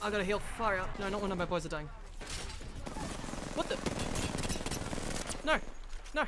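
A woman giving jumpy, excitable in-character commentary over gameplay, often breaking into shouts. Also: mid-range voice, normal speed, long pauses, background noise. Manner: jumpy, bursts into shouts and laughter. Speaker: gamer. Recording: loud gunfire from the game behind.

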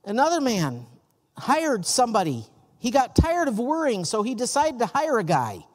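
A man's voice: very high voice, wildly swooping pitch, normal speed, big-room sound. A male pastor preaching a sermon in a church sanctuary, folksy and full of stories.

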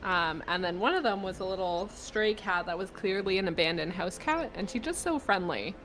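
Young woman guest, relaxed rambling chat, faint background hiss. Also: mid-range voice, moderate pace, poor audio. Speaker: stream guest. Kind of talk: casual chat.

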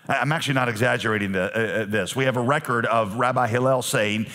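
A man's voice: mid-range voice, fast, hardly any pauses. Humorous preaching man. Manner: animated and humorous, acting out quoted voices. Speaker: pastor. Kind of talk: sermon.

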